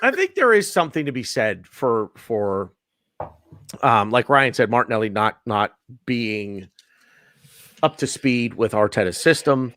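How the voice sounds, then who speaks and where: A man hosting a casual football postgame chat, blunt and animated, swearing freely. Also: mid-range voice, a little slow, no echo, clean studio sound. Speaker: podcast host.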